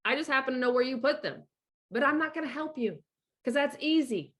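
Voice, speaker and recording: A middle-aged woman talks straight to camera with a high voice. Her tone is sharp and forceful, and she swears freely. She gives blunt orders as a divorce coach. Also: lively intonation, a little fast. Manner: blunt, profane and emphatic; bossy, gives direct orders. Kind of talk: casual profane monologue to camera.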